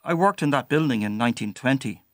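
A man doing a hushed old Yorkshireman. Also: mid-range voice, lively intonation, fast, no echo, clean studio sound, natural voice. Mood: agitated. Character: small elderly man, agitated, confessing.

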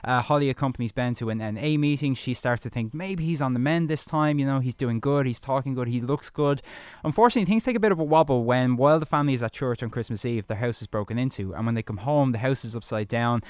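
Man, film critic on radio, quick and fluent, crisp dry studio sound. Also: medium pitch, dry recording. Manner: fast, fluent plot summaries with quick asides. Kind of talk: radio film review chat.

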